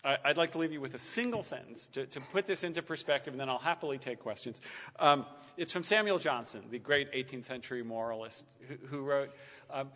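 This lecturer speaks fairly quickly in a medium-pitched, slightly bright voice. He delivers a public talk and answers questions afterward with a wry, dry wit, stammering and starting over many times, all captured in a muffled, heavily reverberant hall.

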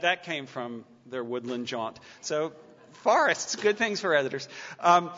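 The speaker is a lecturer with a rather high, sharp voice who gives a talk and then answers the audience. Dry, wry jokes and repeated stammering restarts mark his speech, heard through a muffled lecture-hall recording with a long echo.

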